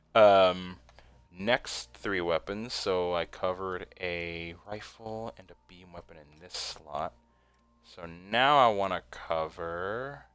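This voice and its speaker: A young man giving casual, excitable commentary while playing a video game, laughing often and swearing now and then. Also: sits low, smooth, dry recording. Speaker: gaming streamer.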